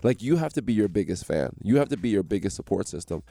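A man from New Jersey, a guest in a radio studio, telling his story with animated energy and acting out the voices of the people in it. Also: on the low side, fast, gravelly, no echo. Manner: animated, acts out quoted voices.

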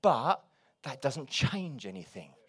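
A man preaching a sermon, moving between quiet, confiding asides and loud, urgent exhortation. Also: mid-range voice, very animated, slow pace, breathy edge. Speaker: pastor.

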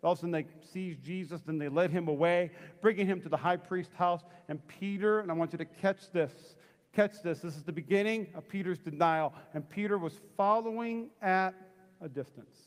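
A man's voice: sits high, normal speed, big-room sound. A middle-aged man preaching a sermon as pastor, acting out the voices of people in the story. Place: church sanctuary.

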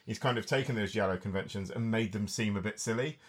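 A man with a fairly low voice hosts a casual film review chat. He talks in a rambling, chatty way and often restarts his sentences mid-thought. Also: fast talker, husky. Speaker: film podcast host.

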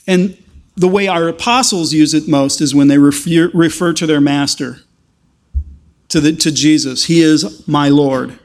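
A man preaching a sermon, earnest and halting, with frequent restarts that build to emphatic stretches. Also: fairly high pitch.

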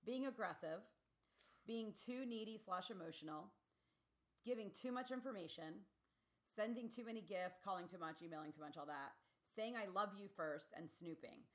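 A woman in her forties, co-hosting a podcast, chatting casually and telling animated stories with frequent laughter. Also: mid-range voice, moderate pace. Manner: giggly, animated storytelling. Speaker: podcast co-host. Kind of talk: casual chat.

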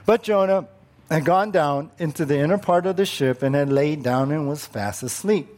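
A man's voice: on the high side, moderate pace, a little mellow. A male pastor preaching a conversational sermon and often posing rhetorical questions to the congregation.

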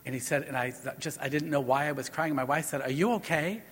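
A man's voice: medium pitch, fairly even intonation, fast talker, a bit bright, slight background noise. A middle-aged male priest giving a sermon, telling a story in a conversational preaching style. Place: church. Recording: long church reverb.

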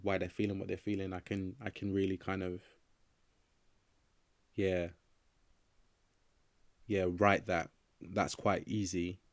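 A man's voice: low-pitched, no room sound. A young adult man from England, a writer and actor talking casually in an interview, loose and rambling with many fillers and restarts.

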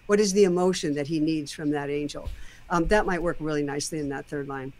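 Song-critique host: casual, thoughtful, explains at length, medium pitch, sings lyric snippets to make a point. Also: fast talker.

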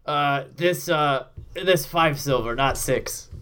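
A man voicing a large, dim-witted male half-orc bartender who talks in slow, broken phrases. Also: a little high, a bit bright. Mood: gruff. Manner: broken grammar, slow clipped words.

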